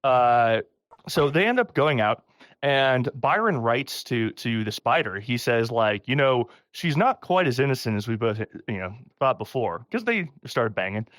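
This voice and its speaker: Lively, laughing male podcast storyteller. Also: medium pitch, unhurried, no echo. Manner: animated, laughing often, acts out quotes in a raised voice. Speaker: podcast host.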